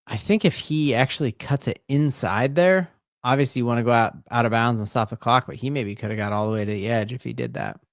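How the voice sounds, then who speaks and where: A man hosting a live play-by-play watch-along as a sports fan, excitable and breaking into shouted exclamations, rambling and restarting his sentences. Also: medium pitch, a little fast, no echo, clean studio sound. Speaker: sports fan stream host.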